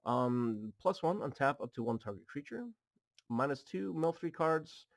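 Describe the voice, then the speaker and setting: A man's voice: medium pitch, expressive, unhurried, gravelly, dry recording. A man hosting a card-opening video at home, chatting casually and reading card text aloud with goofy asides. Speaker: card pack opening host. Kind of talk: casual chat while opening cards. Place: home apartment.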